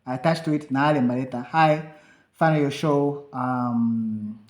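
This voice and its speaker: A man's voice: mid-range voice, a little slow. A young man co-hosting a podcast, telling a story in casual chat and acting out the lines of himself and others. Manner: animated, acts out quotes of himself and others. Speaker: podcast co-host. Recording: echoey room.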